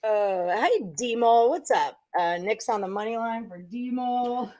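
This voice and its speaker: A woman's voice: on the high side, animated, measured pace, darkish tone. A woman hosting a live sports betting show, reading out viewers' picks and chatting casually.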